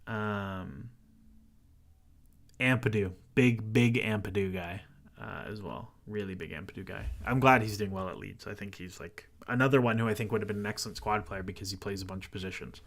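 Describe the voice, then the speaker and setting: A man from Canada hosting a casual football podcast. He rambles and tells stories in a chatty way, with plenty of ums along the way. His voice sits a little low. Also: normal speed, gravelly, a bit bright. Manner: rambling, chatty storytelling with fillers. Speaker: podcast host.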